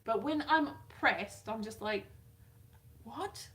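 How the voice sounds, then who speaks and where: A woman talks casually into her webcam during a home livestream. She rambles and pokes fun at herself. Her voice sits slightly high. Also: animated, moderate pace. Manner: chatty, rambling, self-mocking. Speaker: YouTuber.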